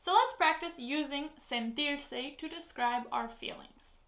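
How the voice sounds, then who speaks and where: A woman teaching a Spanish lesson, explaining slowly and patiently, with spoken example phrases. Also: high voice, fairly bright tone, echoey room. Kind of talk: online language lesson.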